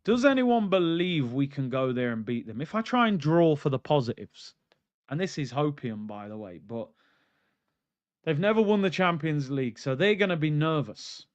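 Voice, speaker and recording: A man hosts a live football stream with animated, ranting fan commentary, and he reads out viewers' chat comments. His voice sits a little high for a man. The sound is dry and slightly dull, like home streaming audio. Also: moderate pace, no echo. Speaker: football channel host. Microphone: streaming mic.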